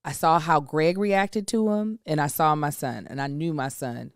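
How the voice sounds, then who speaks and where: Woman, 30s, podcast co-host, low smooth voice, dry sound, frank storyteller. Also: normal speed, dry recording. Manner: candid, emphatic storyteller. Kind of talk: casual chat.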